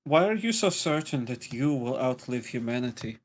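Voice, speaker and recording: A man's voice: mid-range voice, lively intonation, normal speed. A man playing a tabletop role-playing game, speaking hesitantly and stumbling over words as he questions. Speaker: player.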